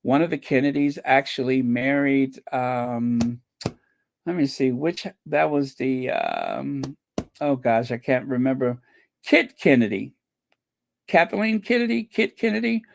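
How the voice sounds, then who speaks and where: Slow, rambling male chat host. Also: medium pitch, big pitch swings, vocal fry, a little hiss or hum. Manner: rambling, chatty, with many fillers and laughs. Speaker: channel host. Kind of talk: casual commentary to a live chat.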